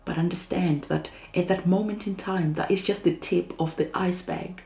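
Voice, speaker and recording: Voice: medium pitch, steady tone, normal speed, creaky, hardly any pauses, a little mellow, echoey room. A tarot reader giving a spiritual reading in a soothing, reassuring way, repeating phrases as encouragement.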